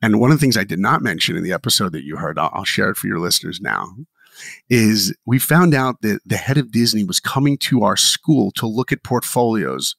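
Animated man with a gravelly voice. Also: lowish voice, brisk, dry recording, clean studio sound. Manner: animated and enthusiastic. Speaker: podcast guest. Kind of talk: motivational storytelling.

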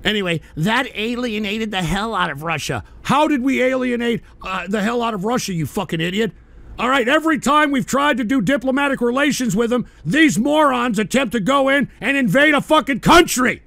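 Gravelly, high-pitched ranting man. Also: expressive, fairly quick, dry recording. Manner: angry, loud, swearing, shouting at viewers. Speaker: talk radio host reading paid chat messages. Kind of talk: profane political rant.

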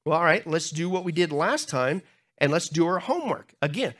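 A man's voice: on the high side, very animated, fairly quick, a bit bright. A man preaching a sermon as pastor, emphatic and joking, often asking the congregation rhetorical questions.

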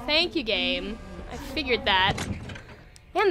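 A woman commentating her own gameplay, excitable and prone to yelping and shouting at the game. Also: a little high, a little slow, crowd noise. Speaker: let's play gamer. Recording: game music loud behind voice. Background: loud game music.

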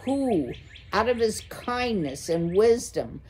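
A woman slowly reading a children's chapter book aloud to listeners. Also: mid-range voice, very animated, a little mellow, slight background noise. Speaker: storyteller.

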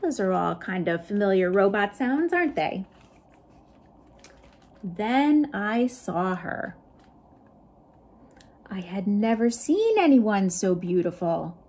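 A woman's voice: sing-song, takes it slowly, pauses often, a little mellow. A woman librarian reading picture books aloud to children, chatting with them playfully and voicing the sound effects. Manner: playful, chats with young listeners; voices sound effects with big pitch jumps. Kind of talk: children's storytime read-aloud.

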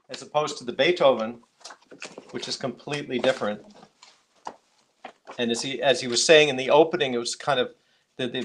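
A man's voice: mid-range voice, slight background noise. A man teaching a live online music class, hesitant and often groping for words with many restarts.

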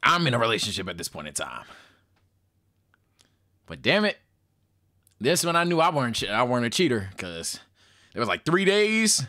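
A young man telling a high school story in a casual, animated monologue, swearing freely and talking straight to his chat. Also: moderate pace, long pauses. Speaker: storytelling streamer.

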